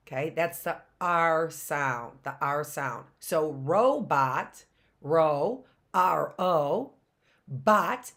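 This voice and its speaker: A middle-aged woman teaching a phonics lesson to young children, slowly sounding out words and spelling them letter by letter. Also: low voice. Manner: slow, sounding out words syllable by syllable.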